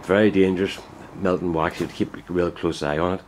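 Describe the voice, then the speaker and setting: A man's voice: deep voice, steady tone, fast, a little hiss or hum. A man, a woodturner chatting casually in his shed in a rambling, folksy way and correcting himself as he goes. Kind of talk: casual workshop vlog. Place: indoor woodworking shed.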